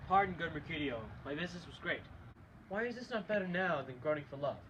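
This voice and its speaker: A young man, a student actor, reciting Shakespearean street-quarrel scenes in a quick exchange. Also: on the high side, expressive, lightly acted. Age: young adult. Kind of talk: amateur Shakespeare scene acting. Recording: dull lo-fi recording with loud noise.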